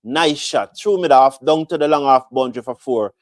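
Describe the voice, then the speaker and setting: A man giving repetitive, animated live fan commentary on a cricket match. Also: mid-range voice, moderate pace, dry recording, clean studio sound.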